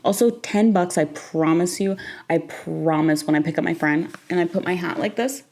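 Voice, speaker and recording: A woman's voice: on the low side, normal speed, darkish tone. A young woman chatting casually in a late-night vlog, rambling and playful, breaking into squeals and laughter. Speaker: vlogger.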